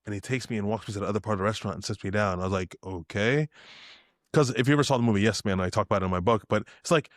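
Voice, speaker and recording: A young man on a podcast rattles off animated anecdotes at a very fast clip, his voice on the low side. He plays out others' dialogue in different voices with plenty of spirit, captured in clean studio sound without any room tone.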